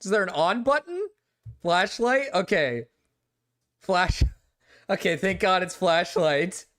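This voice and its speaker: A young man hosts a live stream, his high-pitched, somewhat bright voice animated yet slow-paced. He rambles casually and sounds exasperated, leaning heavily on "like" and repeating words.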